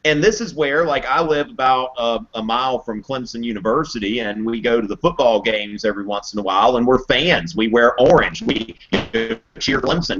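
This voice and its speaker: A man teaching history in a casual live video Q&A, chatty and animated, acting out quotes in playful voices. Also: mid-range voice, muffled recording. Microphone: webcam mic on a video call.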